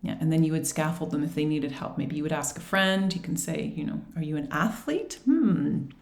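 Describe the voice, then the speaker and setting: A woman's voice: low voice, fairly even intonation, fast talker. Patient teacher woman in an echoey room. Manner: clear, patient, acts out teacher and student lines. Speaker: ESL teacher trainer. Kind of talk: instructional presentation.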